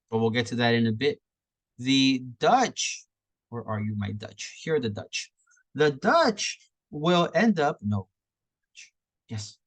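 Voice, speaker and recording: A man's voice: mid-range voice, a bit bright. A man teaching a history lesson in a loose, conversational way, often checking in with "right?". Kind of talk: casual classroom lecture over slides.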